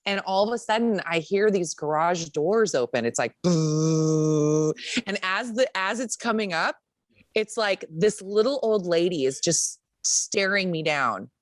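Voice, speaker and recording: A medium-pitched, moderately paced young adult woman co-hosts a podcast on a dry recording. Chatting casually, she tells a story with lively energy, swearing freely and playing out what people said.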